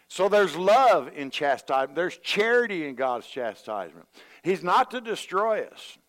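A man's voice: sits high, big pitch swings, moderate pace, a bit bright, big-room sound. A man preaching a sermon, folksy and storytelling, acting out the voices he quotes. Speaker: pastor.

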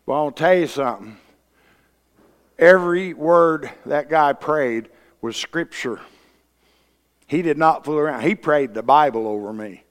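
Folksy, blunt male preacher telling stories from the pulpit; long church reverb. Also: mid-range voice. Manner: folksy storyteller, blunt, rising to loud emphasis. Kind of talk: sermon with personal testimony. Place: church sanctuary.

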